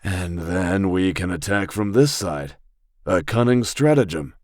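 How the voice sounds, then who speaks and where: Guy playing a stiff polite city guard captain, measured and formal, deep dry voice. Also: no echo. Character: dignified male guard commander, formal and courteous.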